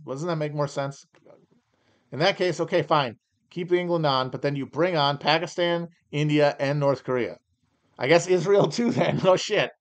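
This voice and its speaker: A man hosting a comedy podcast, reading aloud and tossing off sarcastic, profane asides. He rambles and restarts, and his voice sits a little high for a man. The tone is loose, mocking banter. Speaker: podcast host. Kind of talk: casual comedic commentary.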